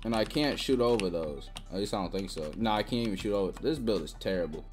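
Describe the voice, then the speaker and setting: A young woman giving live gameplay commentary, trash-talking with sudden excited yelps and shouts. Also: a bass voice, fast, music in the background. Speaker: gaming channel host.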